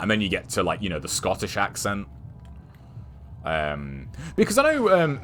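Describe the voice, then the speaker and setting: Low-voiced guy rambling over gameplay. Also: fairly bright tone, slight background noise. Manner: rambling, chatty, swears at the game. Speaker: streamer. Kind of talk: casual gameplay commentary. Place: home gaming setup with two monitors.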